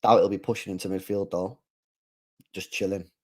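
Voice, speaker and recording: A young man live-streaming a football watchalong, excitable and loudly groaning at what he sees. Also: low voice, normal speed. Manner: excitable, shouting groans of disgust.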